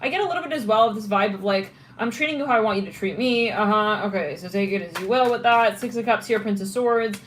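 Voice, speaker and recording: A woman's voice: medium pitch, fast, few pauses, poor audio. A woman giving a casual tarot reading, thinking aloud and chatting through the cards with frequent restarts. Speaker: tarot reader.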